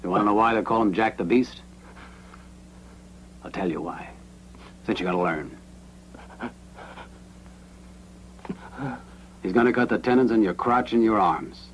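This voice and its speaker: An actor playing a cold, ruthless former army captain in a dubbed western, speaking in a menacing, matter-of-fact way. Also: male voice, lowish voice, a little fast, long pauses, a little hiss or hum, close to an everyday voice, rough recording. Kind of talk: dubbed 1970s western film acting.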